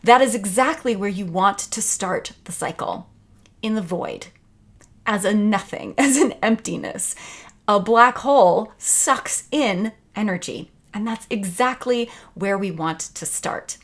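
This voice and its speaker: Woman, creativity teacher, enthusiastic, conversational video lesson, mid pitch. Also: a little slow. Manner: enthusiastic, conversational, acts out quotes.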